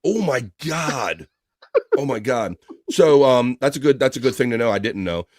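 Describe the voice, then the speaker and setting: A man's voice: medium pitch, lively intonation, normal speed, darkish tone, no echo, studio quality. A man hosting a livestream talk show, wisecracking, laughing often and reading viewer comments.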